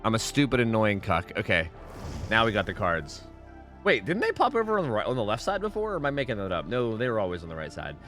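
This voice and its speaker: A man's voice: lowish voice, wildly swooping pitch, fast talker, a bit bright, soft background music. A man hosting a casual livestream who swears a lot, rambles, and keeps thanking subscribers.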